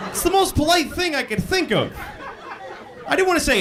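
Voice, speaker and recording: A man's voice: very high-pitched, sing-song, fairly quick, background noise. A man doing a crude, self-deprecating stand-up routine in a conversational tone. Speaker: stand-up comedian. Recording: live stand-up with audience laughter. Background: audience laughing.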